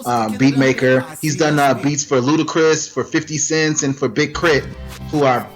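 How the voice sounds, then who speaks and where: A man being interviewed about his work, relaxed and rambling, with frequent ums and restarts. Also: medium pitch, moderate pace. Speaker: guest rapper. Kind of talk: casual interview chat. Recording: music faintly behind.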